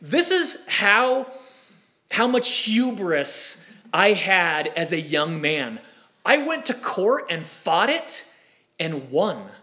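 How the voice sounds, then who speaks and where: A man in his forties with a high, bright voice spins a story for a live crowd. He talks animatedly and jumps into the voices of the people he quotes. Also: very animated, takes it slowly. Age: 40s. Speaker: speaker. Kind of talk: storytelling talk.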